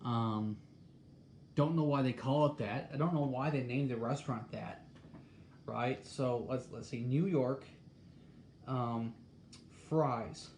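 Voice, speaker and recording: A man in casual talk, reading a recipe aloud and musing in a halting way as he thinks out loud. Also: medium pitch. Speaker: host. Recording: echoey room with faint background noise.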